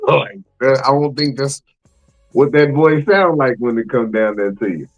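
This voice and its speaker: A man hosting a podcast in casual chat, animated and slangy, exclaiming and laughing often. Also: mid-range voice, measured pace, highs cut off, soft background music. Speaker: podcast host.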